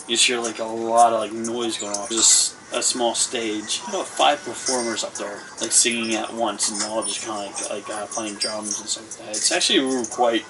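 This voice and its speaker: A man's voice: lowish voice, steady tone, normal speed, hardly any pauses. A man running a tabletop game as game master, describing scenes in a rambling way full of fillers and restarts. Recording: distant mic with clear background noise.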